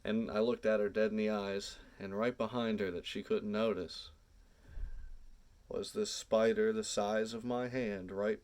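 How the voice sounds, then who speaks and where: Man, lowish voice, casual vlog storyteller, animated, drawn-out, swears freely. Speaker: vlogger telling a story.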